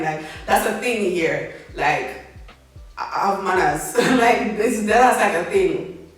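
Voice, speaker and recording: A young woman tells a story casually, full of slang, animated and laughing along. Her voice sits in a middle range. It sounds like it was recorded a bit away from the mic, in a very echoey room. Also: mid-range voice, takes it slowly, far from the mic. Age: young adult. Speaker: vlogger.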